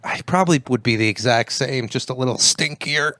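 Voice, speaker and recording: A man co-hosting a comedy podcast in casual chat, throwing in quick deadpan quips and wordplay. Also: medium pitch, no room sound. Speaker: podcast co-host.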